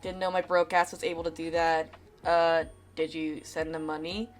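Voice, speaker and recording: A woman's voice: low-pitched, level tone, normal speed. A woman streamer casually commenting while she plays a game, joking crudely and laughing often. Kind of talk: let's play commentary. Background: faint game music.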